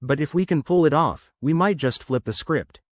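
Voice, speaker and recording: A quiet, gruff male rebel from a spoken sci-fi story, terse and blunt when he speaks, as the narrator voices him. The sound is close and dry. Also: on the high side, normal speed, no echo, natural voice.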